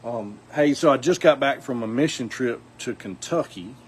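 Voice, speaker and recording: A man's voice: medium pitch, normal speed, husky, poor audio. A man from South Alabama with a Southern accent, talking casually to his viewers in a rambling, folksy way, full of fillers and restarts. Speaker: outdoors vlogger. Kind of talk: casual talk to camera. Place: outdoors.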